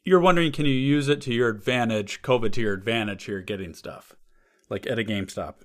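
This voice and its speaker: A man's voice: medium pitch, a little fast, a bit bright. A man co-hosting a podcast in casual comedic chat, riffing on ideas and laughing often. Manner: playful, laughs often, riffs on bits. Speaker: podcast co-host.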